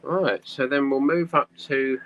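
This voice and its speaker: A man's voice: medium pitch, fairly even intonation, unhurried, fairly bright tone, highs cut off. A man hosting a casual craft live stream, chatting in a rambling way and reading viewer comments aloud.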